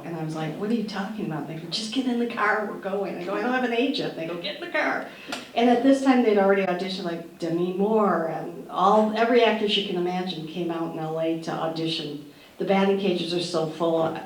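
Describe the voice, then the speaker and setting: Animated woman acting out her anecdote. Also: on the low side. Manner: animated, acts out quoted voices, laughs often. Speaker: actress and panel guest. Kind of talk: lively anecdote at a museum panel. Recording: distant roomy hall with faint noise.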